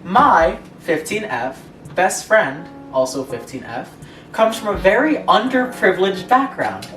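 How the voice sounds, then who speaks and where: A woman's voice: fairly low pitch, big pitch swings, measured pace, recorded from a distance. A young woman co-hosting a casual chat show, reading posts aloud with sarcastic asides and frequent laughter. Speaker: podcast co-host reading stories. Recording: echoey room, voice off-mic, faint music.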